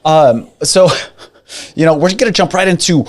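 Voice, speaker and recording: A man's voice: fairly high pitch, a little slow. A middle-aged man co-hosting a casual podcast as a mortgage lender, playful and jokey as he talks numbers.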